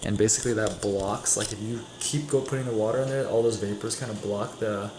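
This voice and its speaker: A man's voice: on the low side, steady tone, brisk, noisy background. A young man casually narrating his day's food while making coffee at home, chatty and rambling, often correcting himself. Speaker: vlogger. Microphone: camera mic.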